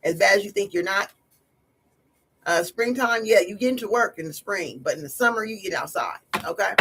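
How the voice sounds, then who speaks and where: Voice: medium pitch, lively intonation, a little fast, gravelly, fairly bright tone. A tarot reader hosting a casual livestream, talking in a blunt, slangy, scolding way. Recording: noisy livestream audio.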